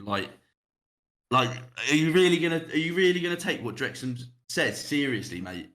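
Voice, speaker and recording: A man's voice: mid-range voice, lively intonation, normal speed, fairly bright tone. Sweary young man in a roomy echo. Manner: blunt, sweary and laughing. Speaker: podcast host. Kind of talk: casual podcast chat.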